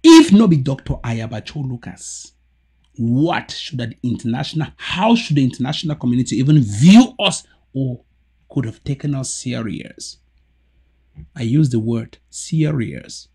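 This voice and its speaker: Man with a Cameroonian Pidgin accent ranting on politics, husky voice, swings wildly in pitch. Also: very animated, unhurried. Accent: Cameroonian Pidgin English. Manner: switches between loud shouting outbursts and low muttering. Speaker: political commentator. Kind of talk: impassioned political rant. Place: home TV studio setup.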